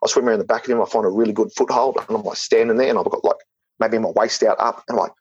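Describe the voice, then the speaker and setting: A man's voice: lowish voice, steady tone, quick pace, darkish tone, husky, highs cut off. A man telling a story in casual talk, rambling with lots of fillers and restarts. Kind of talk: casual spoken anecdote.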